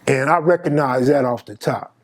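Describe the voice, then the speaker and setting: A man's voice: medium pitch, moderate pace. A man in his fifties from Los Angeles telling a personal story in casual, slangy street talk, acting out the dialogue. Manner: slangy, animated, acts out dialogue. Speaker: storyteller host.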